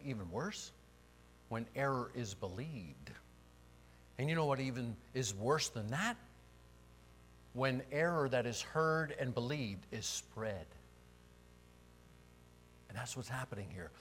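A pastor preaches a sermon to his congregation, emphatic and full of rhetorical questions. His voice is mid-range, with a little hiss or hum on the recording.

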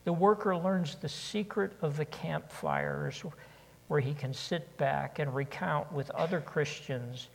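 A preacher gives an earnest sermon in a slow, unhurried delivery, repeating key questions to drive them home. The voice is husky with a gravelly edge. It rings out with the long reverb of a large church sanctuary. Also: medium pitch.

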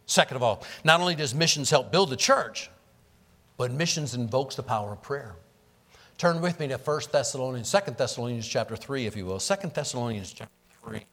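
A man's voice: medium pitch, lively intonation, a little fast, fairly bright tone, big-room sound. A man preaching a sermon as pastor, building to emphatic surges and repeating words for emphasis. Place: church sanctuary.

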